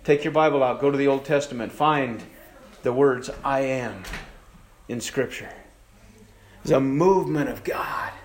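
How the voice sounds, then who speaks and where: A male pastor preaching a sermon in a church, swinging between hushed and raised passages and slowing down for emphasis. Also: sits high. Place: church sanctuary. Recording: echoey church room.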